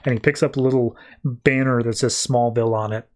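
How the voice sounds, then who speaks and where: A man's voice: medium pitch, steady tone, a little fast. A man hosting a podcast, casually recapping a comic issue in a loose, rambling way and paraphrasing scenes. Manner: loose, rambling summary full of 'he's like' paraphrase. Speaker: podcast host.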